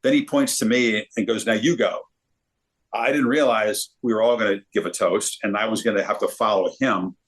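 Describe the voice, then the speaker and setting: A man, talking in an easy, casual interview. He is an animated storyteller who often repeats words as he gathers his thoughts. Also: lowish voice, fairly quick, few pauses. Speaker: sportscaster guest.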